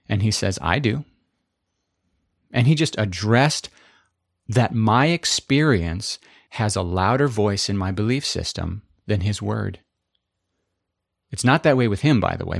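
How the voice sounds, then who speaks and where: A male preacher with a gravelly, fry-edged voice delivers an impassioned sermon, driving points home through emphatic repetition. The sound is dry and close, with no room around it. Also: fairly low pitch, dry recording. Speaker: pastor.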